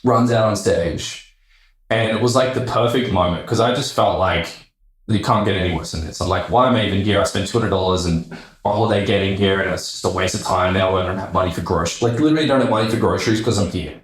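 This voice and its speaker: Man, podcast guest, animated storyteller, low-ish voice, roomy echo. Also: fast. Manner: animated, acts out quoted voices, swears casually. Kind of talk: casual storytelling.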